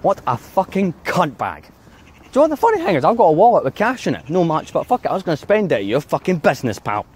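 A man talks casually to the camera out in town, his slightly high voice swinging up and down as he vents. He swears constantly. Faint street noise sits behind him. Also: huge pitch swings, fast talker. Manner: angry swearing rant. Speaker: vlogger. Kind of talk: casual vlog chat.

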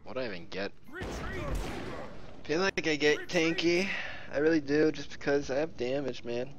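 A young man giving live commentary on his own video game match, joking and swearing, and breaking into excited shouts. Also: a little high, normal speed, dull audio, background noise. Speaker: gamer streaming his match.

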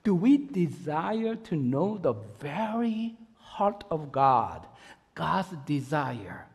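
A man preaches a sermon in a fairly high, animated voice, taking his time over each phrase. He is earnest and emphatic, with an other than English. The church hall around him rings with long reverb. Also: breathy edge. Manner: earnest, emphatic, with rising bursts of energy. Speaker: pastor. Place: church sanctuary.

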